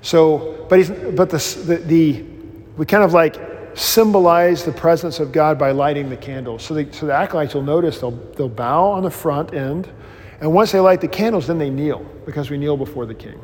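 A pastor teaches a class in a casual, rambling way, breaking into animated storytelling and joking at his own expense. His voice sits a little high for a man, and it carries a long reverb from a large hall. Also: moderate pace, a little hiss or hum. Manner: self-deprecating humor. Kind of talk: informal Bible class teaching.

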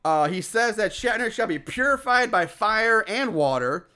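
A man co-hosting a casual podcast, recapping a movie scene by scene in an animated, profane way and laughing often. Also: high voice, moderate pace, smooth. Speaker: podcast co-host recapping a film. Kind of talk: casual chat.

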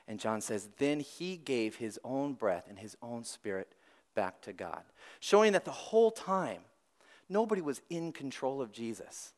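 A man preaching a weekend sermon, lively and conversational, with restarts and dramatic swings between loud and soft. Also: mid-range voice, unhurried. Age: adult parent. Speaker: pastor.

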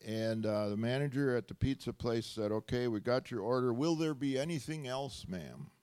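A man preaching a sermon, telling stories with animated delivery, laughing often and rising to loud exclamations. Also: mid-range voice, moderate pace, clear, resonant tone. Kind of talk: sermon storytelling.

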